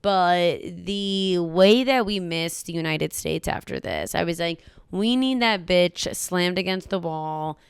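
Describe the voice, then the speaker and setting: A young adult woman comedian and podcast host, telling stories in a casual, brash and profane way, with quick mock-voiced asides. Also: fairly low pitch, clear, resonant tone, dry recording.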